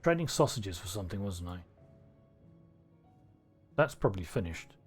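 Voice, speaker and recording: A man's voice: sits low, very animated, normal speed, breathy edge, faint music behind. A man from Cornwall with a neutral English accent, rambling and thinking aloud through casual gameplay commentary. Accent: neutral southern English. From Cornwall, England. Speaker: streamer.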